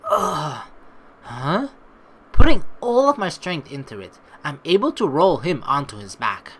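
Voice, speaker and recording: A woman reading a visual novel aloud in an expressive way, adding her own asides. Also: sits low, measured pace, slight background noise. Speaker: game player reading aloud.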